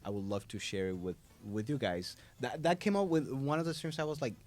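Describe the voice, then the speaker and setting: A man, a voice actor, chatting as a guest on a podcast in a studio, a little congested, talking in an animated way and slipping into quoted voices. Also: medium pitch, fairly quick. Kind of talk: casual interview chat. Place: podcast studio in a hobby shop.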